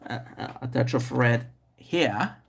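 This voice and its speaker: A man talks casually on a live stream, answering viewers while he paints. He speaks English with a noticeable non-native accent, pauses often and restarts his sentences. His voice sits at an ordinary middle pitch. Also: vocal fry, breathy edge. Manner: relaxed, thinking aloud with many fillers and restarts.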